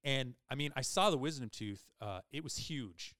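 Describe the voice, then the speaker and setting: A man hosting a podcast, telling a long personal story in a casual, animated way with many fillers. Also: mid-range voice, moderate pace, no room sound, studio quality. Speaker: podcast host.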